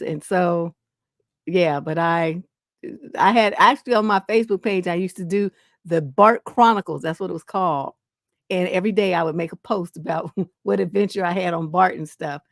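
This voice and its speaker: A woman tells stories on a livestream, blunt and profane with a gravelly edge. Her voice sits close and dry, with no room around it. She talks in a lively, animated way. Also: mid-range voice, normal speed, dry recording. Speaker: relationship coach, live stream host. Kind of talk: casual livestream storytelling.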